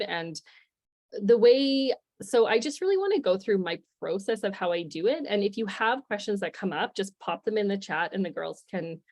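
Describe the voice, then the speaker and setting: A woman's voice: medium pitch, darkish tone. A woman in her forties presenting an informal webinar over a video call, chatty and upbeat, often laughing. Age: 40s. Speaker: guest presenter.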